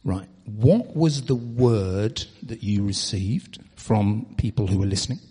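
A man pastor leading a church meeting, chatty and relaxed, speaking with long pauses. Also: on the low side, husky, big-room sound. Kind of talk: informal preaching. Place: church hall.

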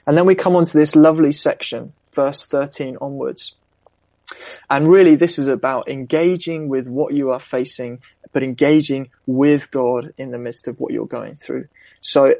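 Earnest young preacher, gravelly. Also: male voice, medium pitch, steady tone, normal speed, darkish tone, dry recording. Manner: earnest, reflective, personal asides. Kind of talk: sermon.

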